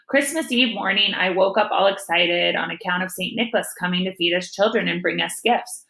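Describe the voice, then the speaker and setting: A woman teacher reading a novel aloud to her students with gentle storytelling. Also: lowish voice, brisk, vocal fry, few pauses, roomy sound, poor audio.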